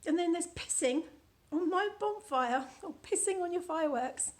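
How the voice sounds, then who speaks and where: A woman's voice: very high voice, animated, normal speed. A British woman with a chatty, playful manner, casually reading from her own book and adding commentary. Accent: British English. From United Kingdom.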